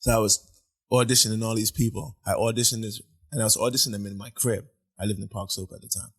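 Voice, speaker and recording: Husky-voiced man telling animated stories. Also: lowish voice, fast. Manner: animated storyteller, acts out quoted voices, laughs often. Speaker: podcast guest, musician. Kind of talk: casual storytelling chat. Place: apartment.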